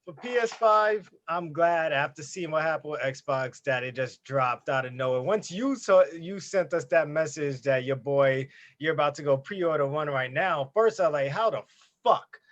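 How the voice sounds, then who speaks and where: A man co-hosting a gaming podcast, telling a story in an animated, casual way with plenty of swearing. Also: fairly high pitch, moderate pace, few pauses. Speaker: podcast co-host. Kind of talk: casual chat. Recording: dull lo-fi audio.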